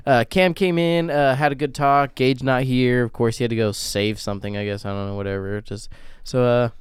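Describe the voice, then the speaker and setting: A man's voice: mid-range voice, steady tone, fairly quick, clear, resonant tone, no echo. A man hosting a casual podcast, rambling and joking as he stumbles over his words. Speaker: podcast host.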